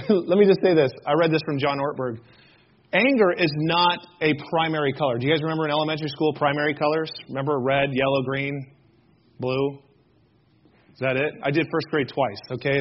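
A man's voice: a little high, a little fast, muffled recording, slight background noise. A man preaching a sermon to his congregation, joking and acting out little scenes, often asking the room questions. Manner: jokey, animated storytelling with acted-out voices; addresses congregation directly with questions. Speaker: pastor.

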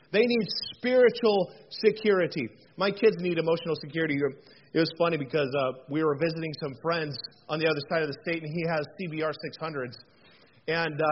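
Male pastor, forties, animated storytelling sermon; higher voice, muffled recording. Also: fairly quick. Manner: animated, jokey storytelling with audience call-outs. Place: church hall. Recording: dull lo-fi recording, faint noise.

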